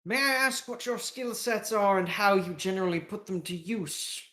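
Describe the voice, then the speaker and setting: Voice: medium pitch, moderate pace, pushed and bright, roomy sound, voice pushed up, lightly acted. A game master voicing a tall, boisterous German businessman with a British accent, jovial and grandly polite.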